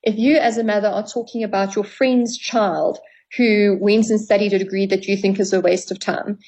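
A woman's voice: mid-range voice, fairly even intonation, moderate pace, a little mellow, poor audio. A woman therapist as a radio guest, explaining at length and acting out dialogue with clients. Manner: explanatory, acts out quoted dialogue. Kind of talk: radio interview.

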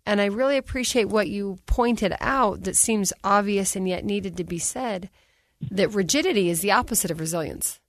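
A woman's voice: mid-range voice, moderate pace, no echo. Candid woman podcast host, dry studio sound. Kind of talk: podcast conversation. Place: recording studio.

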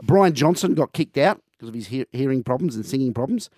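A man's voice: medium pitch, expressive, fairly quick, dark tone, no room sound, studio quality. A man co-hosting breakfast radio, chatting passionately with lots of ums and restarts. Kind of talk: casual radio chat. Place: radio studio. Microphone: close studio mic.

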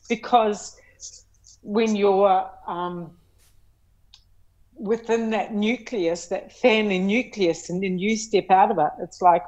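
A woman talking as an interview guest, earnest and reflective, pausing often and restarting her sentences. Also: mid-range voice, steady tone, darkish tone. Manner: earnest, halting, with many fillers and restarts. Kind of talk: reflective personal conversation.

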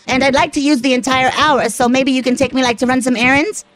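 A brash, scheming caller with a high voice, delivering absurd lines dead straight, as a woman puts her on. She talks crude and oblivious through a prank phone call. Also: fast, crowd noise, natural voice. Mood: deadpan. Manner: deadpan, absurd non sequiturs.

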